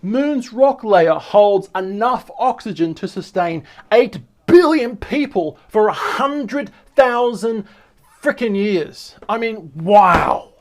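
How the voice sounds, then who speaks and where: Aussie guy with a high voice, reading stuff out and reacting, excitable, keeps tripping over words and restarting. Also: slow. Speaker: channel host. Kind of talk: casual commentary reading articles aloud.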